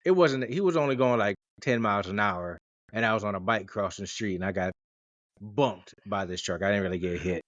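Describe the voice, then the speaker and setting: A man's voice: on the low side, a little fast, fairly bright tone, no echo. Rambling, joking man in his forties. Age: 40s. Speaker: podcast host. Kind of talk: casual podcast chat. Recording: dry, dull lo-fi sound.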